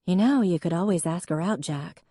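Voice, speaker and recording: A woman's voice: fairly low pitch, expressive, moderate pace, warm tone, breathy edge, no room sound. A woman voicing a wry, self-mocking young woman in an audiobook. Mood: fond. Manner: wry, playful.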